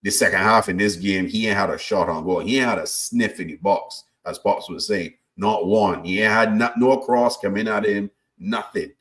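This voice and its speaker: Deep-voiced Barbadian man talking football. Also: normal speed, few pauses, fairly bright tone. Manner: stammering restarts, talks his opinions through at length. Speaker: podcast co-host. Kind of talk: casual football analysis.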